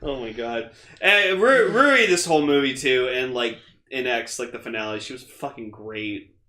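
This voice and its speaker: A man co-hosting a podcast in casual chat, excited and swearing often. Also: mid-range voice, normal speed, echoey room. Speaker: podcast co-host.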